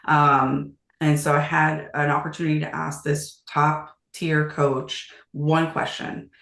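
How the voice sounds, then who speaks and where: A woman in her thirties talks as a podcast guest, brisk and casual. She laughs easily, and her voice rings in an echoey room. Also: deep voice, little pitch movement, gravelly, fairly bright tone. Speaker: guest, real estate agent. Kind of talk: casual interview chat.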